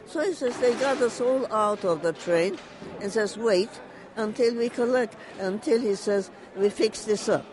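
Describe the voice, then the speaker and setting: Slowly, and with frequent halts and repeated phrases, a person recounts a family story during an oral history interview, passing along words that were said to them. The pitch is medium and the background is noisy.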